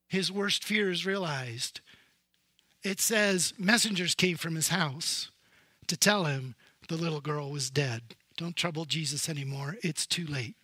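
A man pastor preaching a sermon, telling the story with animated swings from loud emphasis to hushed tones. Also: fairly high pitch, breathy edge, dry recording.

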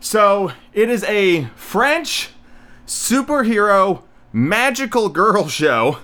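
Bright-voiced young man rambling a movie review. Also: high-pitched, very animated, slow. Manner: rambling, blunt, frequent fillers and profanity. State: slightly out of breath. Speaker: podcast host reviewing movies. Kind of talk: casual solo review.

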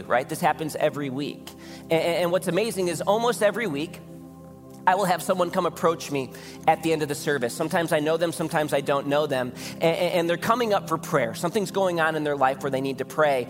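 A man's voice: a little high, fast talker, long reverb tail, music in the background. A man preaching a sermon as a pastor, in an earnest, conversational way full of rhetorical questions. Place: church sanctuary.

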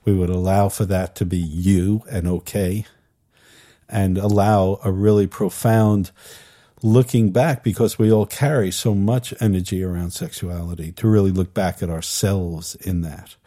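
An older man hosting a podcast on holistic education, speaking in a thoughtful, measured way with slight hesitations and telling stories. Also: low-pitched, steady tone, dark tone. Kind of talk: reflective podcast conversation and storytelling.

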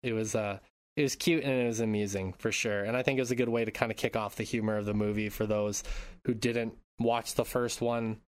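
A man's voice: on the low side, fairly even intonation, a little fast, clean tone, no room sound. A man hosting a casual movie podcast, reading plot summaries and cracking crude jokes. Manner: crude joking, reads plot summaries aloud. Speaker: podcast host. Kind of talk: casual movie recap chat.

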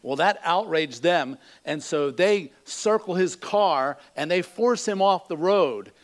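A man's voice: high-pitched, animated, slow. A man preaching a sermon, telling a joke in a folksy storytelling way before teaching from scripture. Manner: folksy storytelling, acts out voices in jokes. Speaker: pastor.

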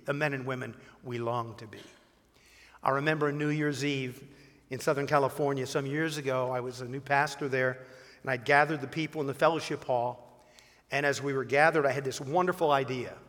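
A man's voice: mid-range voice, fairly bright tone, long reverb tail. A man who is a pastor, preaching a sermon emphatically with rhetorical questions and a personal story.

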